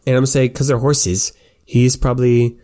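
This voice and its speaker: A man's voice: mid-range voice, little pitch movement, moderate pace, mellow. A man game master narrating a tabletop role-playing game in a casual, rambling way.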